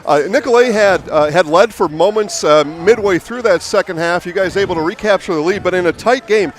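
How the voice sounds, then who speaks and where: A man working as a play-by-play announcer, calling the final score loudly and then hosting post-game interviews on a headset mic. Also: high-pitched, fairly quick. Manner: upbeat, loud calls at the final score.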